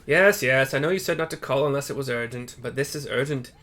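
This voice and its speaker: A man's voice: medium pitch, fairly quick, a bit bright, close to an everyday voice. Man doing formal male trade envoy, wordy, ornate phrasing, game dialogue. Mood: brisk.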